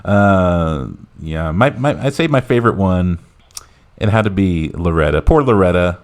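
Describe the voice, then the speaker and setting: A man hosting a casual movie podcast. His voice sits a little low and he talks in a relaxed, meandering way. Fillers pepper his sentences as he narrates and chats. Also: moderate pace. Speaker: podcast host.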